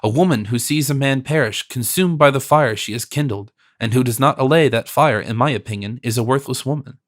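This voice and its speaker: A man voicing a gentle noble princess. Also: mid-range voice, lightly acted. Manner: gentle, measured, softly teasing. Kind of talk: audiobook character reading.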